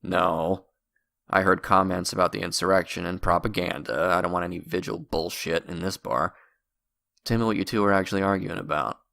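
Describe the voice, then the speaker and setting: A man voicing a blunt middle-aged bartender who speaks in a gruff, matter-of-fact way. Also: low-pitched, steady tone, brisk, bright, forceful tone, dry recording, clean studio sound, full character voice.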